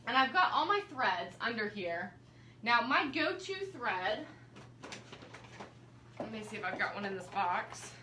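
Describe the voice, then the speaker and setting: A young woman who teaches quilting chats through a live-streamed demo, speaking directly to her viewers in a friendly way. Her voice sits on the high side, sing-song and bright with a forceful edge, moving at a measured pace with long pauses. The room is echoey, with slight background noise.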